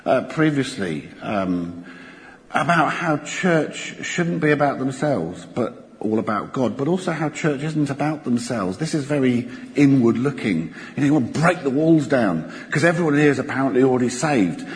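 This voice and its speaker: A man preaching a sermon in a church, expressive and animated, slowing down dramatically for emphasis. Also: mid-range voice. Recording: church hall reverb.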